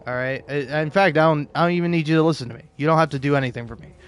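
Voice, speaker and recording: A man's voice: on the high side, very fast, smooth. Rambling, emotional male vlogger. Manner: rambling and emotional, many restarts, swears. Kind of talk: casual opinion monologue.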